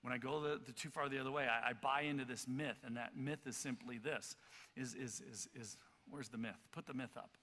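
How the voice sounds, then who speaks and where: A man preaching a sermon as pastor, telling a story in an animated, loud way with many stammered restarts. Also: medium pitch, fairly quick. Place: church auditorium. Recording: reverberant church hall.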